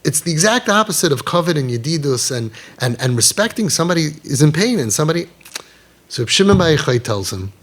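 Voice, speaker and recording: Animated middle-aged man giving a parenting talk. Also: a little high, a little fast. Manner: animated storytelling that acts out quoted dialogue; emphatic, rhetorical questions. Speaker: parenting guide.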